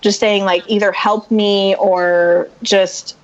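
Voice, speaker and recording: A woman guest on a podcast telling a personal story in casual chat, animated and acting out the voices of people she quotes. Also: medium pitch, slow. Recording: muffled lo-fi sound.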